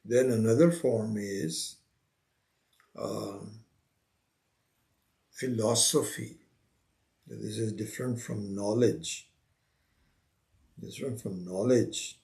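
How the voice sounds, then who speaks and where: A man teaching a spiritual scripture class, unhurried, repeating his phrases and acting out the seekers he quotes. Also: fairly low pitch, creaky, dark tone. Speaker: Vedanta teacher.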